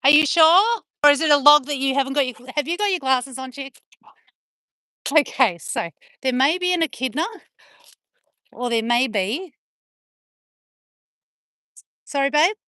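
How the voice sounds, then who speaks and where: Aussie woman rambling to her dogs outside, playful teasing, kinda high voice, dry sound. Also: expressive, normal speed, pauses often, bright, forceful tone, no room sound. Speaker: vlogger. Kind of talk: casual chat to camera and to her dogs. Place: outdoors on a farm.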